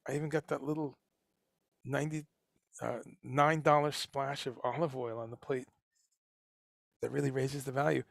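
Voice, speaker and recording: Gravelly, chatty livestream host, man. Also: mid-range voice, little pitch movement, moderate pace, long pauses, no room sound, clean studio sound. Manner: rambling, enthusiastic, many fillers and restarts. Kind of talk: casual livestream chat.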